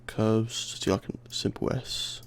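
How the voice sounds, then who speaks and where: A young man with a lisp and a tired, worn voice, mumbling through a casual software tutorial while thinking aloud. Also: on the low side, steady tone, unhurried, vocal fry, clear, resonant tone. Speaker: tutorial host. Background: keyboard clicks and typing.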